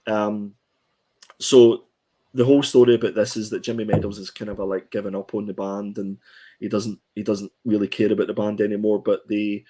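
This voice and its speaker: A man with a slightly low voice talks through a comic review in a relaxed, casual way. He hesitates often, filling gaps with ums and restarting his sentences. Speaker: comic book podcast co-host.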